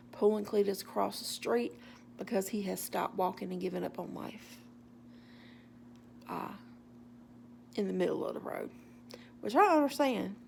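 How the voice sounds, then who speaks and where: A woman telling a story in a lively, wry way. Her voice has a strong, gravelly fry, and faint noise sits behind it. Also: on the low side. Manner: animated, wry humor. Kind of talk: casual storytelling.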